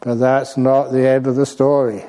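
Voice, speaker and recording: A man acting as a Buddhist teacher, telling a story to an audience in an unhurried way with light humor. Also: medium pitch, flat delivery, dark tone.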